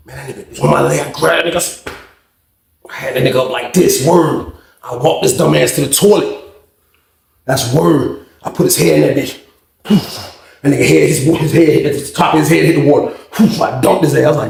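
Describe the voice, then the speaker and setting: A young man telling a jail story in an excitable, profane way, acting out the voices and shouting now and then. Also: fairly high pitch, vocal fry, reverberant.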